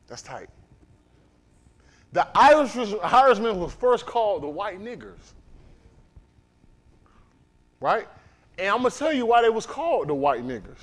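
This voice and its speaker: A man preaching a livestreamed sermon in a conversational way, often putting questions to the congregation. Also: high voice. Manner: animated, conversational, quizzes the congregation.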